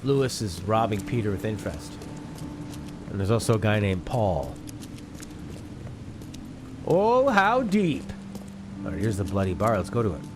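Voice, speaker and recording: A man's voice: lowish voice, fairly quick, background noise. A man streaming a game, chatting casually and musing aloud about what he sees. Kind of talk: casual gameplay commentary.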